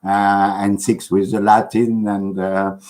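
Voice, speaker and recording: Man, non-native English speaker, low voice, very slow, hesitant, preachy vlog monologue. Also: flat delivery, a little mellow. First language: not English. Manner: hesitant, halting, full of fillers; earnest and preachy. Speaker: religious video blogger. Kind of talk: rambling to-camera monologue.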